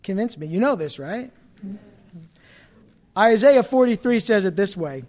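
Guy preaching a sermon, kinda high voice, swings from loud scripture to soft stories. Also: expressive, unhurried, pauses often.

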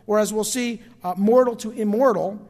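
A middle-aged pastor preaching in an emphatic style, leaning on phrases and drawing responses from his congregation. His voice sits very high for a man. The sound carries the long reverb of a church hall. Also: normal speed, darkish tone. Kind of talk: sermon. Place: church sanctuary.

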